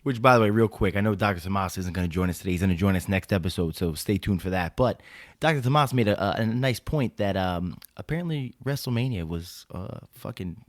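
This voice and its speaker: A man with a somewhat low voice, co-hosting a casual sports podcast. He talks bluntly and sarcastically, swearing through his rants. The sound is dry and close on the mic. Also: expressive, a little fast, dry recording. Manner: blunt, sarcastic, profane, ranting. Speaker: podcast co-host.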